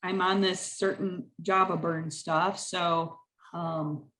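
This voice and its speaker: A woman's voice: lowish voice, level tone, slow pace, fairly bright tone, slight background noise, poor audio. A woman being read for as a client, chatting hesitantly about her life. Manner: hesitant, restarts and qualifies. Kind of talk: casual chat.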